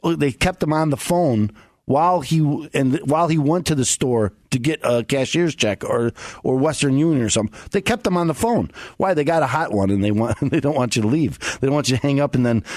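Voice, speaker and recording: A man's voice: mid-range voice, animated, fairly quick, darkish tone, no echo, studio quality. A man hosting a radio show as a tax attorney, giving casual advice in a chatty way and laughing often.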